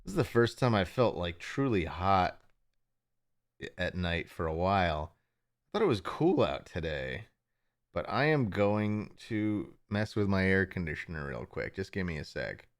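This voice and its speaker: A man's voice: low-pitched, sing-song, unhurried, no echo, clean studio sound. A young man hosting a casual livestream from home, rambling along, chuckling and cutting himself off mid-thought. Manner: rambling, chuckling, self-interrupting. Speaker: livestream host.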